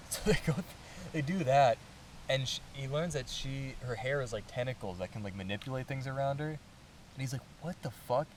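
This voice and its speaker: A man's voice: mid-range voice, moderate pace, a little hiss or hum. A man co-hosting a podcast, chatting casually and recapping a manga plot, acting out the characters' lines as he goes. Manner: animated, acts out characters' lines mid-story. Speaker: podcast co-host.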